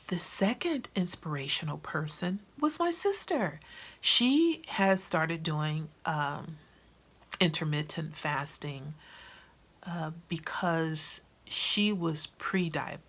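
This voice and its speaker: Woman vlogging, low gravelly voice, chatty and animated, talks loose and colloquial. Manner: chatty, animated, acts out quotes; colloquial, with slangy grammar. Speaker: vlogger and author. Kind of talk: casual chat to camera.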